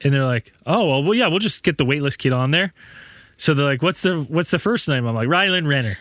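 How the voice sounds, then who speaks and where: A man's voice: on the high side, brisk, fairly bright tone, no echo. A man in his thirties, a podcast host, telling rambling stories in casual chat, swearing often and laughing a lot.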